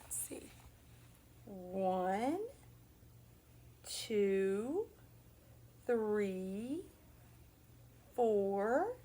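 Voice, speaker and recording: A woman teacher reads a picture book aloud to young children in a slow, storytelling cadence. Her voice sits high and swoops up and down as she asks the class questions and breaks into animal noises. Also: a little mellow.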